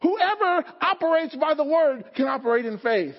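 Male pastor, very high pitch, call-and-response sermon, dull lo-fi sound with lingering church echo. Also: lively intonation, normal speed. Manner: call-and-response preaching, rising to fervent emphasis. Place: church sanctuary. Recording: dull sound, long hall reverb.

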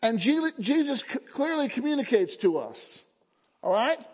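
Male pastor, very high pitch, call-and-response sermon, dull lo-fi sound with lingering church echo. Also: sing-song, normal speed, husky. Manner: call-and-response preaching, rising to fervent emphasis. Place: church sanctuary. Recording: dull sound, long hall reverb.

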